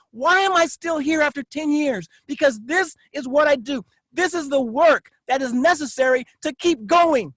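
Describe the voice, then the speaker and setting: A man coaching in a motivational vlog, pressing each point with emphatic repetition in a preacher-like cadence. He drops into a low, confiding tone for his asides. The room is completely dry, with no echo at all. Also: normal speed, few pauses, fairly bright tone. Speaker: network marketing coach.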